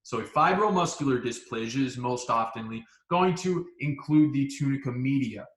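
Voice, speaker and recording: A man giving a casual medical lecture, acting out a student's thoughts in quick asides. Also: mid-range voice, animated. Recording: roomy, echoey room.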